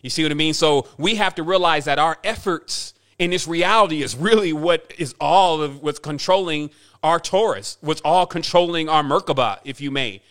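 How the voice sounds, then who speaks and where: This man talks in a fairly high voice, circling back and repeating himself as he preaches a spiritual message. His delivery is emphatic, and he rambles as he goes, in the manner of a teacher speaking to his followers. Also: moderate pace, fairly bright tone. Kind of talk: spiritual monologue.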